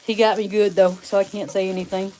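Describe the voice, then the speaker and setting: A woman's voice: medium pitch, flat delivery, fast, darkish tone, slight background noise. A woman hosting a casual live stream from her bedroom, chatting with viewers by name while a little sniffly from sneezing, recorded on a phone. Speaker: live-stream host unboxing rocks. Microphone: phone on a stand.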